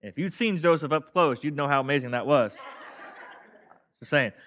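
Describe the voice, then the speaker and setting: Speaking at a moderate pace, this male pastor has a bright, slightly high-pitched voice and a casual, humorous preaching style. His sermon, given in a church sanctuary before the congregation, features call-and-response exchanges and a warm, laid-back tone.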